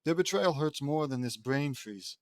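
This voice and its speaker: A man's voice: a little high, lively intonation, moderate pace, no echo. Dry, blunt child genius girl, storybook read, voiced by a man.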